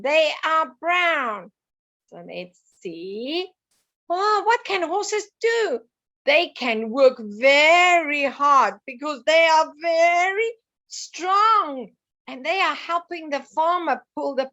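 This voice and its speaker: A woman's voice: sits high, animated, drawn-out words, bright, forceful tone, dull audio. A woman teaching a lesson to young children, sing-song and coaxing, asking them questions as she goes.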